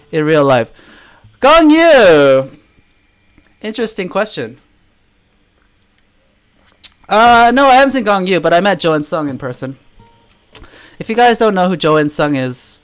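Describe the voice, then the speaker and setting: A man's voice: on the high side, smooth. A man answering viewer questions in a casual live chat, telling stories and laughing often. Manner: chatty storytelling, laughs often.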